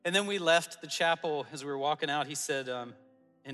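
A man preaching as a pastor, telling personal stories in an earnest way with soft asides. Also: fairly high pitch, steady tone, brisk, in a large hall, faint music behind. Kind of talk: sermon. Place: church auditorium.

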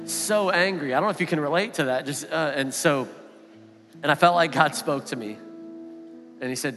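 A man's voice: a little high, a little fast, long pauses. A man in his thirties preaching a sermon as pastor, telling a family story in an easy, conversational way. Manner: storytelling, animated when quoting his kids. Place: church sanctuary. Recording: reverberant hall with music underneath.

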